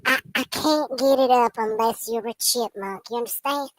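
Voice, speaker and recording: A man voicing a squeaky male cartoon chipmunk as a comedic impression. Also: moderate pace, a bit bright, no room sound, rough recording. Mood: cheeky.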